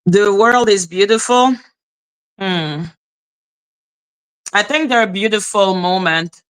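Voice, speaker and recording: A woman's voice: mid-range voice, slow pace, clear, resonant tone. A woman giving casual reaction commentary as a YouTuber, blunt and profane as she talks back at clips.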